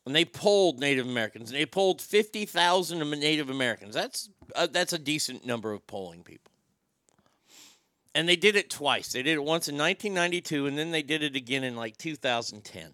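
A man's voice: on the high side, lively intonation, brisk, pushed and bright, dry recording, studio quality. Blunt, ranting male talk host. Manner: blunt, profane, stammering restarts. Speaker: show host. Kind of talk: opinionated talk show rant.

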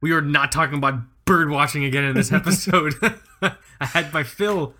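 A man's voice: on the high side, normal speed, pushed and bright. A man co-hosting a casual podcast, talking with energy, joking and laughing often. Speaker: podcast co-host.

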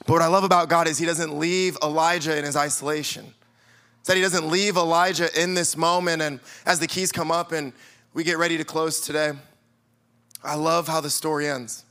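A man's voice: a little high, level tone, brisk, sharp tone. A man, a youth pastor, preaching a sermon and telling stories with playful acted-out quotes in a church. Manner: storytelling, playfully acts out quotes. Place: church sanctuary.

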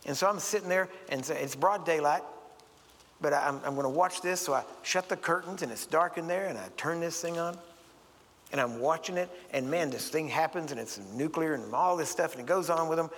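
Male preacher, slightly high, gravelly voice, folksy storyteller, church reverb. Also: a little fast, a bit bright. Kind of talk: sermon. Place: church sanctuary. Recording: long hall reverb.

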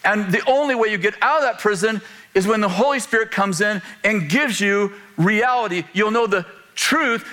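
Joking pastor, fairly high voice. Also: male voice, pushed and bright. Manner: conversational, joking asides with chuckles. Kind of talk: sermon. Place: church before a congregation.

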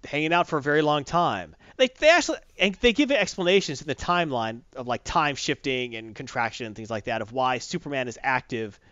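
A man's voice: medium pitch, expressive, brisk, few pauses, sharp tone, smooth, dry recording, muffled recording. Rambling man in casual chat. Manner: rambling, self-correcting, enthusiastic.

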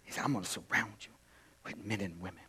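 A male pastor preaching a sermon, swinging between loud exclamations and hushed asides, addressing the congregation directly and repeating phrases. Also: low voice, fast.

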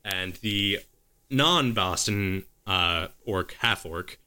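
Bright-voiced man running a tabletop game. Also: low-pitched, lively intonation, very slow, clean tone. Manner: improvising, stops to correct himself. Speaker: game master.

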